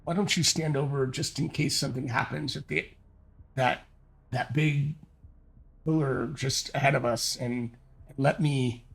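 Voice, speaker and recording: A man's voice: medium pitch, fairly even intonation, measured pace, creaky. A man voicing a bold, adventurous male companion with a casual, teasing manner.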